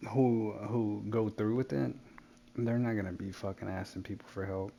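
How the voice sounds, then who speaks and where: A man with a somewhat low voice chats with his friend in an easygoing way, answering in short replies. He keeps calling his friend "bro" and talks plainly and relaxed. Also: normal speed, vocal fry, a little hiss or hum. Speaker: friend in a gaming chat. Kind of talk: casual chat over a game.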